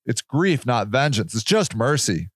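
A man's voice: mid-range voice, very animated, measured pace, slightly rough, no echo. A man hosting a solo podcast, reading passages aloud and then ranting in a sarcastic, profane, heated way. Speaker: podcast host.

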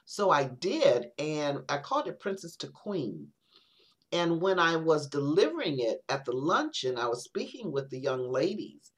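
A woman poet speaks in a lower register, reflective and unhurried. Her sentences stall and restart as she works toward what she means. It is a casual conversation on an interview podcast. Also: sing-song. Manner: reflective, halting with many restarts.

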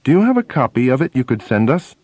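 A man reading an audiobook who voices a brisk, polite male caller from a magazine. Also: medium pitch, big pitch swings, darkish tone, dry recording.

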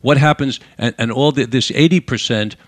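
A man's voice: mid-range voice, moderate pace, no room sound. A man interviewing a guest, asking long earnest questions that pile up clauses and restart often. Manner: earnest, piling up clauses with repeated stammered starts.

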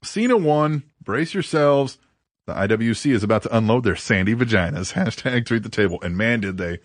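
A man co-hosting a podcast, talking crude and loose and laughing often. His pitch swings widely as he reads tweets and retells stories. The sound is dry and close. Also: lively intonation, normal speed, dry recording. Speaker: podcast co-host. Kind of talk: casual podcast chat.

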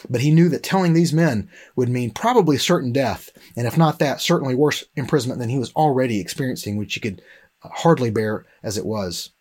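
Man, Bible teacher, slightly husky voice, storytelling sermon delivery, reads scripture aloud. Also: medium pitch, a little fast, darkish tone. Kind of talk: sermon-style Bible lesson.

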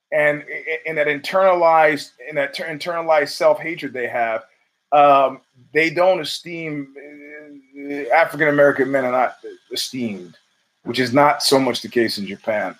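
A man's voice: fairly high pitch, normal speed, fairly bright tone. A man hosting his own show, giving rambling, profane solo commentary full of restarts and fillers. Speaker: podcast host.

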